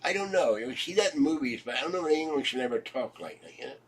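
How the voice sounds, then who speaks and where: A congested man with a husky voice rambles casually at home, chuckling at his own jokes and coughing now and then. He sits at a distance from the mic, so his voice sounds set back in the room. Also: medium pitch, lively intonation, quick pace. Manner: joking, chuckling, wandering from topic to topic. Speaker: vlogger.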